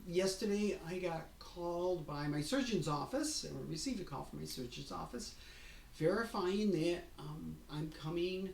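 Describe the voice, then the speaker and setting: A middle-aged woman vlogger chats about her week in a casual personal update, gushing and restarting sentences as she tells stories. Her voice is lowish and darkish with vocal fry. The mic sits at a distance in a roomy space, with faint room noise.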